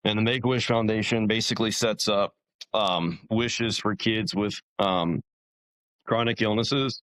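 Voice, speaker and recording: A man's voice: fairly low pitch, fairly even intonation, measured pace, a bit bright, no echo, poor audio. A young man, a podcast guest, telling his story in a casual, rambling way, full of fillers and restarts.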